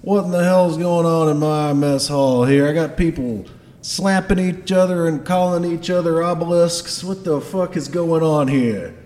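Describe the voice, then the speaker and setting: A man voicing a gruff, bossy middle-aged male dwarf with a put-on Scottish accent, talking loudly and swearing. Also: fairly high pitch, unhurried, long reverb tail, pitched above the performer's own voice, natural voice. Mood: annoyed. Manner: loud, blustering, swearing.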